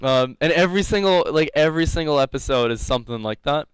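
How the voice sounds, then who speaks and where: A man's voice: fairly high pitch, animated, fast, clean tone, dry recording. A young man teaching a live coding lecture, rambling and joking, laughing often. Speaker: coding instructor.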